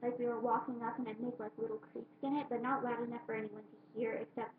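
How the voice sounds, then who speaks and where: High-voiced girl rambling through a story. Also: little pitch movement, quick pace, a little hiss or hum. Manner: rambling with constant "like" fillers and restarts. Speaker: vlogger. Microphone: webcam. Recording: thin phone-like webcam audio in an echoey room.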